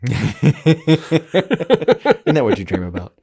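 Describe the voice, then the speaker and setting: A man co-hosting a podcast in casual chat, animated, swearing freely and slipping into quick mimicked voices. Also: sits low. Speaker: podcast co-host.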